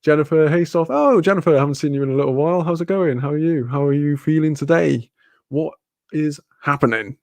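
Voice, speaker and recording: British man, live streamer, casual rambling chat, swears a lot, gravelly voice, dry close sound. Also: a little high, steady tone, fairly quick, a little mellow, no room sound. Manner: rambling, swears freely, laughs often.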